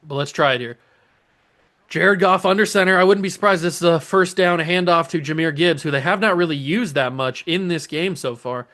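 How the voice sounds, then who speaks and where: Excitable man narrating his football game. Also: fairly high pitch. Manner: animated, talks to his players and cheers plays. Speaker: gaming channel host. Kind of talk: casual let's-play commentary.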